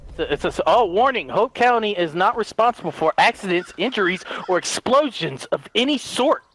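Very high-voiced excitable young gamer man. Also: fairly quick. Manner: excitable, shouts and laughs often. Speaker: gamer playing co-op. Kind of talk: excited gameplay banter.

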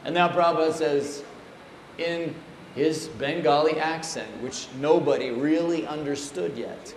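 A man telling humorous anecdotes at a temple talk in an animated, playful way. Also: on the high side, unhurried. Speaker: speaker at a temple. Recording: echoey room, faint noise.

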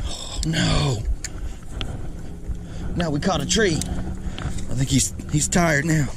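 Brief: man fishing vlogger, slightly high voice, unhurried, repeats exclamations, loud outdoor noise. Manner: breathless, keeps exclaiming and repeating himself. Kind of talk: excited outdoor fishing narration. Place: riverbank outdoors.

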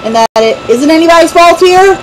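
A man's voice: extremely high pitch, lively intonation, brisk, background noise. A man giving casual, rambling let's play commentary, joking about himself and the game as he plays. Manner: rambling, self-mocking, chuckling.

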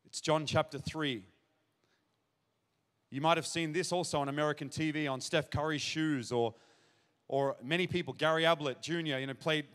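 A man preaching his testimony to a congregation, acting out conversations and building to shouted exclamations. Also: on the high side. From Australia. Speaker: pastor. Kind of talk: testimony sermon to a live congregation. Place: large church hall at a revival event. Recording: live hall reverb.

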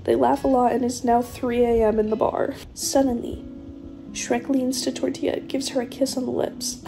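A young woman in her twenties, telling a comic story in a giggly, profane, animated way. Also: sits high, measured pace, over music. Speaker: vlogger.

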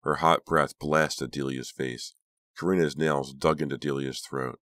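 A man narrating an audiobook in a steady, dramatic reading voice. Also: extremely low pitch, unhurried, no room sound, clean studio sound. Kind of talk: scripted narration.

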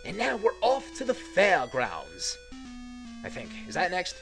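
A man's voice: high-pitched, huge pitch swings, a little slow, a bit bright, faint music behind. A man commentating his gameplay casually, sarcastic and grumbling, swearing freely.

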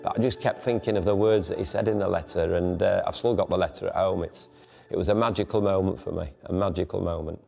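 A man reflecting calmly in an interview. His voice is very deep with a gravelly edge, and faint music plays behind him. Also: fast.

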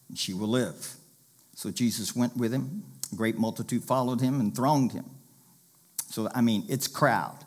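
Man pastor preaching, reads scripture out loud, emphatic, keeps telling folks to listen. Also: medium pitch. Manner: emphatic, urging listeners to pay attention. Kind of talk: sermon with scripture reading.

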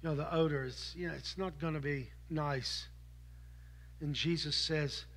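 Man, pastor, sermon, high voice, earnest, loud then hushed. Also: steady tone, normal speed. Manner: earnest preaching, rising in volume then dropping to soft, intimate appeals.

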